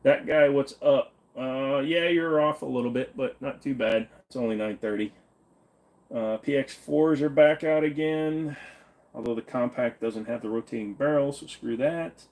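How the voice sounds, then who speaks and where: A young man from Virginia hosts a casual livestream, answering viewer comments in an unhurried, off-the-cuff way. His delivery is blunt and plain, with the odd curse word dropped in. His voice sits at an ordinary middle pitch. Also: darkish tone. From Virginia, USA. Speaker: livestream host.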